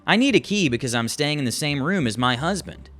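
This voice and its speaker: Man reads a pushy entitled wife, condescending and lively in pitch. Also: fairly quick. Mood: demanding. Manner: indignant, condescending. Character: entitled demanding wife, middle-aged woman.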